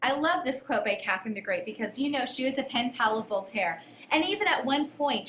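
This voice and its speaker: A woman's voice: high-pitched, fairly bright tone. A woman with a Southern US accent, co-hosting a history podcast lesson in a chatty way with fillers. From American South. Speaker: history teacher, podcast co-host. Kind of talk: educational podcast discussion. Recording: echoey room, faint hiss.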